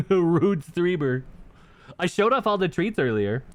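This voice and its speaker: A man's voice: high-pitched, takes it slowly. A young man streaming a tabletop game, chatting casually and ranting with lots of swearing. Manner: animated, profane ranting to chat. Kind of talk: casual livestream chat.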